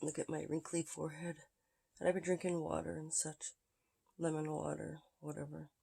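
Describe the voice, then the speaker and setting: A husky, fry-edged voice speaks haltingly into a handheld phone at home, in a casual self-made vlog. The delivery drifts and often sinks to a near whisper. The pitch barely moves. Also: completely flat delivery, dark tone. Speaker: vlogger.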